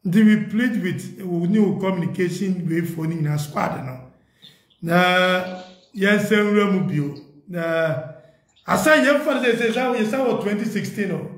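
Unhurried and high-voiced, a Ghanaian-accented man makes an impassioned, pleading appeal to party leaders, switching between Twi and English. The audio comes from an echoey room.

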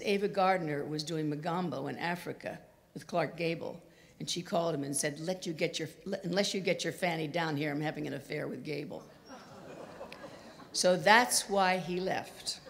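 A woman's voice: low voice, vocal fry. Older woman telling stories in a hall. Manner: chatty, anecdotal, acts out quoted lines. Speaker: guest speaker. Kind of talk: storytelling talk. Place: university lecture hall. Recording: reverberant hall.

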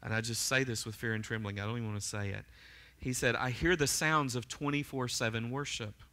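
A man's voice: mid-range voice, steady tone, a little fast, bright, forceful tone. A man preaching a sermon as pastor to his congregation, emphatic and fervent, often checking in with "right?" and "amen?". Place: church sanctuary.

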